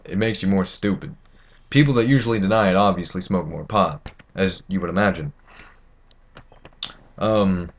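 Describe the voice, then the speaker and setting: A teenage boy ranting to camera, indignant and rambling, with many fillers and restarts. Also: lowish voice. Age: teens. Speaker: vlogger. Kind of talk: opinion rant to camera.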